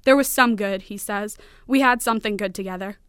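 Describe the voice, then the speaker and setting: Brief: woman voicing pleading grumbling Southern man, smooth clear tone. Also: mid-range voice, fairly quick, a bit bright, no room sound, studio quality, natural voice. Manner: whining, pleading.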